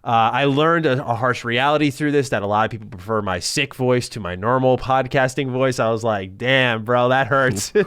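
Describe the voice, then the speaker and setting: A man's voice: medium pitch, normal speed, hardly any pauses, fairly bright tone, clean tone, no echo, clean studio sound. A man hosting a casual podcast, upbeat and chatty, his voice still recovering from illness. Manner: upbeat, chatty, laughs easily. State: recovering voice, occasional cough. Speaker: podcast host.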